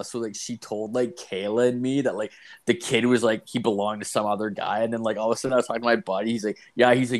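A man's voice: fairly low pitch, fairly even intonation, fast talker. A man casually telling a story on a podcast, rambling and swearing, with frequent restarts. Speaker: podcast host. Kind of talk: casual chat.

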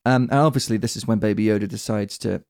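A man hosting a casual podcast chat, lively and acting out quoted lines in little voices. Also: fairly low pitch, fast talker, no echo, studio quality. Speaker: podcast host.

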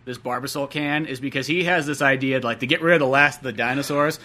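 A man's voice: medium pitch, fast, sharp tone. A man co-hosting a podcast, chatting eagerly and swearing freely. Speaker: podcast co-host. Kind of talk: casual chat.

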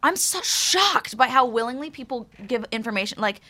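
A woman's voice: fairly high pitch, lively intonation, normal speed, sharp tone. A young woman talking as an interview guest, candid and wry. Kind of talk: casual interview chat.

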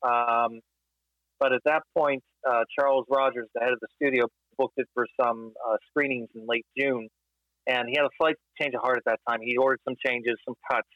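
Measured man, slightly dull recording. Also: medium pitch, fairly even intonation, dry recording. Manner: thoughtful, measured, with many fillers. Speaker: film discussion co-host. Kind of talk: casual podcast discussion.

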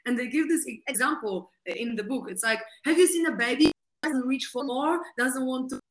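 A woman's voice: high voice, normal speed. A woman hosting a casual podcast conversation. She talks with enthusiasm and sometimes searches for her words. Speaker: podcast host. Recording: echoey room.

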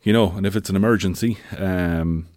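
A man's voice: low voice, a little fast, darkish tone, no room sound, studio quality. A man co-hosting a casual chat show, talking conversationally with wry asides and plenty of fillers. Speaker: podcast co-host.

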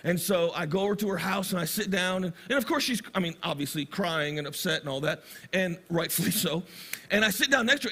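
High bright-voiced male preacher. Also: husky. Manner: animated preaching, slows and stretches key words. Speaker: pastor. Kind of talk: sermon.

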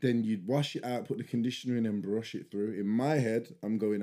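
A man's voice: lowish voice, brisk. A man co-hosting a casual podcast with his partner, defensively retelling a family argument at length. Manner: defensive, long animated retelling. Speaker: podcast co-host. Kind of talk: casual couple's argument chat.

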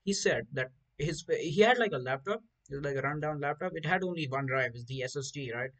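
A man's voice: on the high side, expressive, brisk, a bit bright, poor audio. A man hosting a podcast, telling rambling stories in casual chat with lots of swearing and stumbling restarts. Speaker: podcast host.

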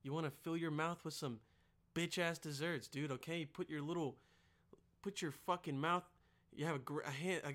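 A man hosting a podcast, doing a rowdy, profane comedic ad read with sudden loud outbursts. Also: fairly high pitch. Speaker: podcast host.

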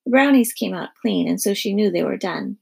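A woman narrating a children's storybook in a lively storytelling manner. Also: medium pitch, a little fast, creaky, slightly rough.

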